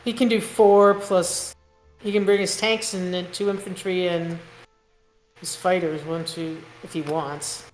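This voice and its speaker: A woman's voice: fairly low pitch, fairly even intonation, measured pace. A woman talks through a board game turn with a teammate, careful and analytical as she checks each move. Her voice sounds roomy and a bit reflective, with faint music behind. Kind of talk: casual live-stream game chat.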